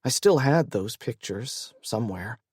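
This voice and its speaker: A man narrating a romance audiobook in the first person, in a measured, intimate storytelling manner. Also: medium pitch, lively intonation, a little mellow, breathy edge, no echo, studio quality.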